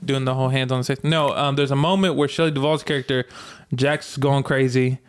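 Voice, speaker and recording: A man's voice: medium pitch, steady tone, a little fast, clear, resonant tone. A man co-hosting a podcast in casual chat, laughing often and rambling with fillers. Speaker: podcast co-host.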